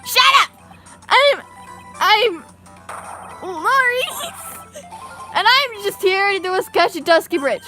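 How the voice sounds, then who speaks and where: A woman puts on a loud, excitable young man for a game read-aloud. He blusters and stammers, and his voice stays high and bright with lively swings in pitch. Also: brisk, hardly any pauses, faint music behind. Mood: blustering. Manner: shouty, blustering, stammers when caught.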